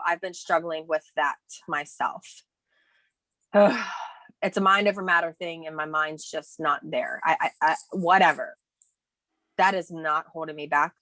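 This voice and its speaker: A woman's voice: fairly low pitch, bright, forceful tone, no echo. A woman in her thirties co-hosting a morning video call, speaking candidly and emotionally with emphatic bursts and restarts. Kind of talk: casual motivational chat.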